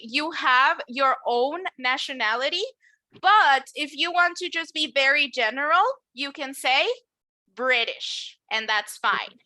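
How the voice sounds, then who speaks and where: Bright, high-pitched woman as a bilingual English teacher, slow model words for repetition. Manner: switches between English and Spanish explanations; slow, drawn-out model words for students to repeat. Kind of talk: online class teaching nationalities.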